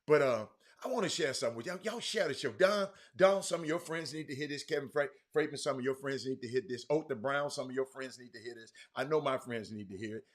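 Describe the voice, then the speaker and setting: A man hosts a loose sports talk livestream at a mid-range pitch. He rambles, restarts his sentences and keeps calling out to viewers in the chat by name. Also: fast talker, few pauses. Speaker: sports talk show host.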